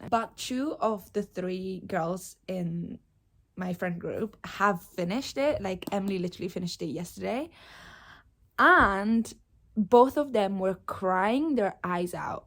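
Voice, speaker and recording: A young woman in her twenties chatting casually at home in a reading vlog, bubbly and animated. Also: medium pitch. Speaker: book vlogger. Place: home, indoors.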